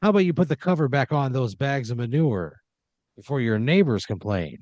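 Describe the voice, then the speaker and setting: A man voicing a cheesy, smarmy TV game show host with a brash, drawn-out showman delivery. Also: mid-range voice, animated, darkish tone, no room sound, highs cut off, natural voice. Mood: mock concern.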